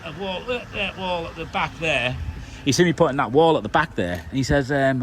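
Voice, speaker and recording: A man's voice: medium pitch, animated, a little fast, a little hiss or hum. A British man from the UK, vlogging outdoors at home in a loose, chatty, rambling way. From United Kingdom. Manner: chatty, loose and conversational with many fillers. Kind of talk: casual rambling monologue to camera.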